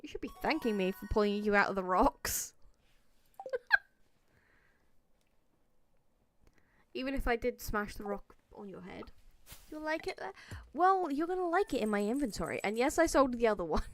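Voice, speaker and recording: Playful, giggly woman streamer with a bouncy, expressive voice. Casual gameplay chat with viewers. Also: a little high, a little fast. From Wales. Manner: playful and giggly, chatting to viewers and talking to game items.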